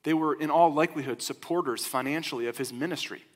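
A man preaching a sermon as a pastor, in a conversational, animated storytelling way. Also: on the high side, quick pace. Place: church sanctuary. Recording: long hall reverb.

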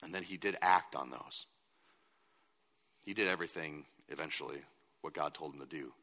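A man's voice: a bass voice, moderate pace, pushed and bright, in a large hall. A man preaching a sermon as a pastor, earnest and at times emphatic.

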